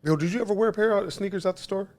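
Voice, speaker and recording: Excitable man on a podcast. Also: sits high, rapid-fire. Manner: excitable, profane, acts out quotes loudly. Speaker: podcast co-host. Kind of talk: casual chat.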